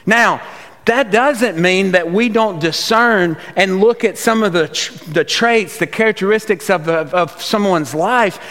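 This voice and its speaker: A fairly high-voiced man preaches a sermon, telling it like a folksy, conversational story. His words ring out with a long hall reverb behind them. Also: measured pace, fairly bright tone. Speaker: youth pastor.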